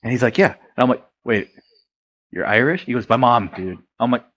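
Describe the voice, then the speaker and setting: A man's voice: medium pitch, moderate pace, fairly bright tone. Rambling American man telling stories. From United States. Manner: rambling, profane, retells dialogue with quoted voices. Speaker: podcast guest. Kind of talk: casual storytelling.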